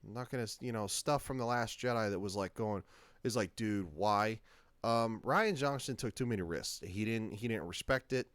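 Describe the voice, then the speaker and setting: A man's voice: lowish voice, moderate pace, fairly bright tone, clean tone, dry recording. A man hosting his own reaction channel, talking in a casual, rambling way with many fillers and restarts. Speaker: channel host.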